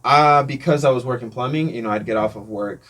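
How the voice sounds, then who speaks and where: A man being interviewed, telling a casual story, animated and acting out the voices of people he met, often laughing. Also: mid-range voice, a little fast, a little hiss or hum. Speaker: interview guest, drummer.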